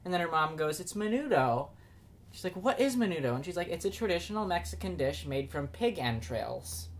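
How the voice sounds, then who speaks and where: A woman's voice: lowish voice, a little fast, slight background noise. A woman from the Midwest co-hosting a podcast, telling a story in casual chat and acting out the people in it. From American Midwest. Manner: animated storyteller, acts out quotes.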